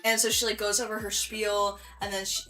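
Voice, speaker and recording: A woman's voice: mid-range voice, level tone, fairly quick, pushed and bright, faint music behind. A young woman from Michigan chatting through a vlog, giggly and full of fillers as she tells a story. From Michigan, USA. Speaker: vlogger.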